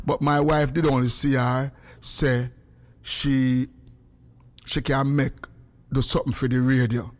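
A middle-aged man with a Jamaican accent, chatting casually as a radio host in patois, now and then breaking into song or a shout. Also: mid-range voice, measured pace, long pauses. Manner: patois, animated, bursts into singing and shouting.

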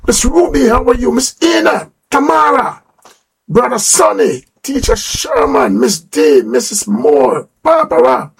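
A man with a Jamaican accent hosting a live stream, greeting listeners one by one by name in a casual, lively way. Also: very high-pitched, gravelly, breathy edge.

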